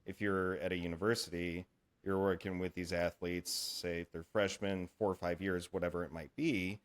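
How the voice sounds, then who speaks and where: A man hosting a coaching podcast, relaxed and agreeable, summing up his guest's points. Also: low-pitched, moderate pace. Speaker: strength coach, podcast host. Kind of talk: casual interview chat.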